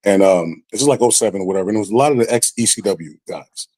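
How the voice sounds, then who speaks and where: A man telling a story on a podcast in a casual, animated way, with lively acted-out quotes. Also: on the low side, fast, no room sound. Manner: animated, acts out quoted voices. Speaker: podcast guest.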